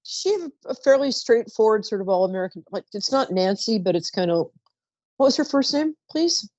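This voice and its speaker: A woman's voice: fairly high pitch, lively intonation, brisk, no room sound. Woman, psychic radio host, chatty, trails off, dull dry lo-fi sound. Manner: chatty, warm-toned asides, trails off mid-sentence. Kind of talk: live call-in psychic reading.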